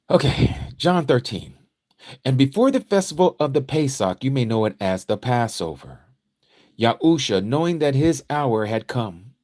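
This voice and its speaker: A man leading a scripture study sermon, reading slowly and deliberately, then turning emotional and climbing loud and high as he preaches. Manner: emotional, preacherly, rises in pitch and volume when exhorting; slow deliberate reading with pauses.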